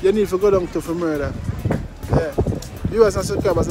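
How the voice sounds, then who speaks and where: A man's voice: high voice, fairly quick, pauses often, loud music behind the voice. A Jamaican man hosting a commentary vlog, speaking emphatically and repeating himself in patois-laced English. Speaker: vlogger.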